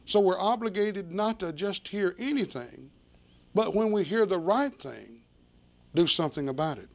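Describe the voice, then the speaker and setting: A man preaching with a fairly high-pitched voice. He reads old-fashioned scripture aloud, then turns and explains it in plain everyday words, addressing his listeners as folks. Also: lively intonation, normal speed, creaky. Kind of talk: sermon on scripture.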